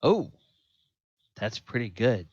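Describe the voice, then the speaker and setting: A man runs a tabletop game at an unhurried, drawn-out pace, filling gaps with ums and uhs. His voice sits mid-pitch, and the sound is dry and dull like call audio. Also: sing-song, warm tone, breathy edge, no echo. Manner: slow, drawn-out narration with many fillers. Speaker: dungeon master.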